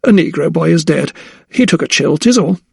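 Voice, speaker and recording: A man playing a cruel Georgian mistress of the house, high-pitched and icy, snapping commands in a dry audiobook read. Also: lively intonation, normal speed, creaky, darkish tone, husky, no room sound, exaggerated voice. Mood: brittle dismissive. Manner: cold, snapping and imperious.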